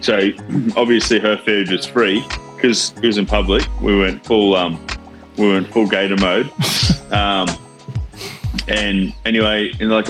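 A man's voice: fairly low pitch, steady tone, moderate pace, a bit bright, faint music behind. Sweary man teasing his co-host. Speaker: podcast co-host. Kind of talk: casual chat.

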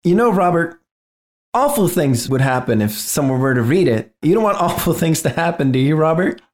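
A man's voice: on the high side, expressive, normal speed, pitched above the performer's own voice, natural voice. A man voicing a sly robed stranger who is falsely friendly and makes veiled threats.

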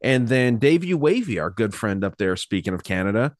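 A man's voice: lowish voice, sing-song, brisk, no room sound, studio quality. A man hosting a casual podcast chat, rambling and swearing casually while reading from his notes. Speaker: podcast host.

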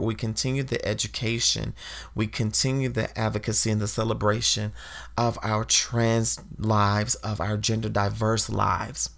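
A woman with a gravelly, creaky voice speaks on her podcast in a fired-up, preachy monologue. She presses her points hard and talks straight to her listeners, calling them y'all. Her emotion is audible as she goes. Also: extremely low pitch. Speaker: podcast host.

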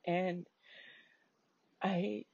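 A woman tells her own story at an unhurried pace, in a dark, gravelly voice with a husky edge. Her talk is casual and peppered with swearing and fillers. The recording sounds dull and lo-fi. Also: lowish voice, level tone, no echo. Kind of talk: casual personal story telling.

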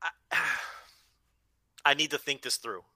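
A man's voice: medium pitch, slow pace, sharp tone, no echo. A man co-hosting a podcast in loose, profane, joking chat. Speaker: podcast co-host. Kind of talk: casual chat.

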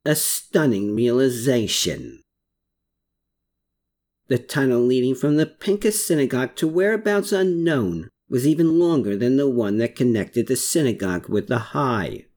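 An audiobook narrator reading a story chapter with expressive delivery. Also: medium pitch, measured pace. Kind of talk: scripted narration.

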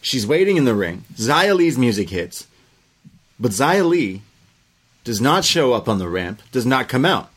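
A man's voice: medium pitch, sing-song, measured pace, fairly bright tone, husky. A young man co-hosting a casual wrestling review podcast, joking and animatedly retelling events. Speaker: podcast co-host.

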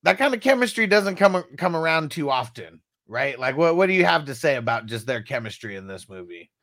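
A man's voice: medium pitch, big pitch swings, a little fast, fairly bright tone, dry recording, studio quality. A man co-hosting a casual movie review, laughing often and mimicking punch sounds. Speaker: podcast co-host.

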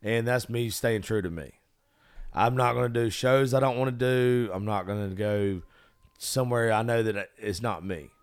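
A man's voice: fairly low pitch, normal speed, clear, resonant tone. A man whose voice is wearing out talks bluntly, with plenty of swearing. He sounds emphatic and loose in a casual conversation. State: losing his voice. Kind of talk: casual chat.

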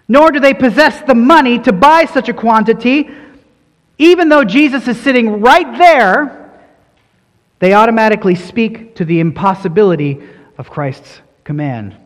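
A man preaching with a high, light voice, earnest and emphatic. His words ring out with a long reverb, as if spoken in a large sanctuary. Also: a bit bright. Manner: earnest, emphatic, rising and falling delivery. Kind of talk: sermon.

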